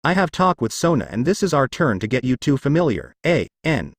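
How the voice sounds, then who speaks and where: This is a firm young demon noblewoman giving orders in a storybook reading. A man reads her part in his own voice. The delivery is lively in pitch, with a dry, close recording. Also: fairly quick, creaky, breathy edge, no room sound, full character voice.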